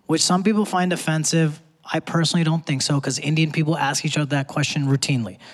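High-voiced man doing stand-up. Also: fairly even intonation, fast talker. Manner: conversational, punchy delivery with asides to the crowd. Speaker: stand-up comedian. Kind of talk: stand-up comedy set. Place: theater stage before a live audience. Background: audience laughter and faint room noise.

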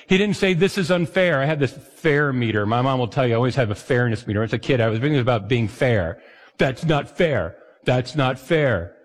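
A male pastor delivers a sermon in a relaxed, conversational way. He slips in self-deprecating asides as he goes. His voice sits in the middle range and carries a long hall reverb. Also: mid-range voice.

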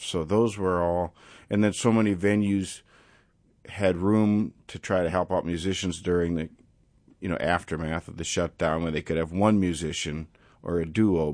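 A man musician talking casually in an interview, reflective and rambling, thinking out loud about his playing and singing. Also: low voice, no echo. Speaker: musician guest.

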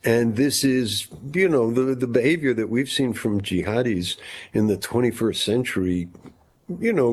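A man's voice: mid-range voice, darkish tone. A man talking as a historian guest, explaining at length and often repeating words as he thinks. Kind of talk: conversational interview explanation.

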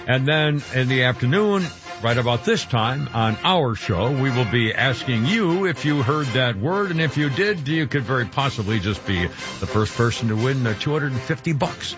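A man's voice: mid-range voice, expressive, normal speed, over music. A man hosting a radio show, chatting casually in a rambling, jokey way with lots of fillers and restarts. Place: radio studio. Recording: dull lo-fi radio broadcast.

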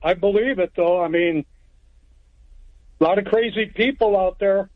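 A man's voice: sits high, normal speed, dry recording. A man from Texas calling into a radio show, telling a story in a plainspoken, rambling way. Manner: rambling, plainspoken, lots of restarts. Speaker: caller. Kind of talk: phone-in storytelling. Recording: tinny phone line.

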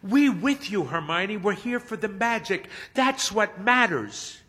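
A man putting on an earnest, upbeat male fan, pitched up and bright, speaking loosely and warmly supportive in a reverberant space. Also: animated, unhurried, heavily acted. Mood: encouraging.

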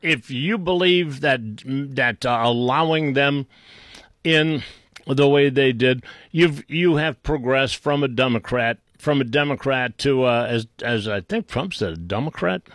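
A man's voice: mid-range voice, measured pace, fairly bright tone, dry recording, clean studio sound. A man giving an unscripted political rant, scornful and insulting, rambling with frequent restarts. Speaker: political commentator.

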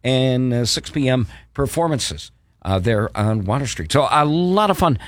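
A man's voice: medium pitch, lively intonation, moderate pace, no room sound. A man hosting a radio show runs through local event listings in a loose, easygoing way. He trips over plenty of "uh" fillers as he goes. The studio sound is close and dry. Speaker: radio host. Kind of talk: casual radio announcements.

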